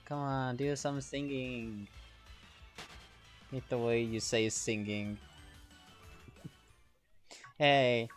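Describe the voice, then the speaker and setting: A man live-streaming a game, chatting casually with viewers in a playful, melodramatic, teasing way. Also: medium pitch. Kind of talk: casual gaming stream chat.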